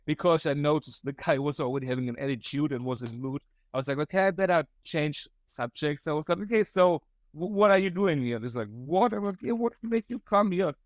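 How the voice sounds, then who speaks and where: A man's voice: a little high, dry recording. Young German man, German accent, solo podcast host, rambling and profane, dry close mic. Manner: rambling, profane, laughs often, acts out quotes. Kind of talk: casual solo storytelling.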